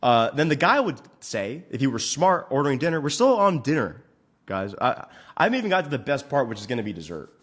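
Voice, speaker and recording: Man, fitness coach, profane comedic rant, swears a lot, very animated pitch, mid-range voice. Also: a little fast. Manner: crude, swearing, mock-outraged.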